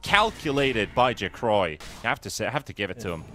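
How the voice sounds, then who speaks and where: A man calling live esports play-by-play, excitable with quick calls and easy laughter. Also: lowish voice, over music. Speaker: esports caster.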